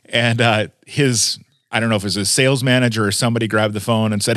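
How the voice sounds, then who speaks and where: Chatty radio host, low voice. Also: male voice, steady tone, quick pace, fairly bright tone, no echo, clean studio sound. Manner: rambling storyteller with fillers. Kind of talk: casual radio chat.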